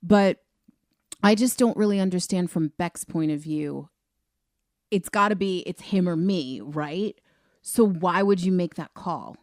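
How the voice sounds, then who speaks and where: A woman co-hosting a film review podcast in a chatty, animated way. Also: lowish voice, unhurried, no room sound, clean studio sound. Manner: chatty, animated, laughs easily. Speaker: podcast co-host. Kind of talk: casual film review chat.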